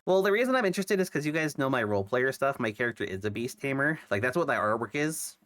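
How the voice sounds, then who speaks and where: A man's voice: medium pitch, very animated, fast, a bit bright. A young man who is sick with a cough, chatting casually on his stream, rambling with lots of fillers and restarts. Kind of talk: casual chat.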